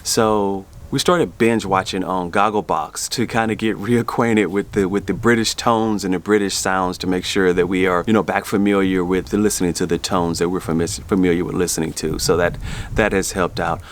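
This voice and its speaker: A man's voice: sits low, steady tone, moderate pace. A middle-aged man from the South, chatting casually to camera for his family vlog, rambling with many restarts. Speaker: family vlogger.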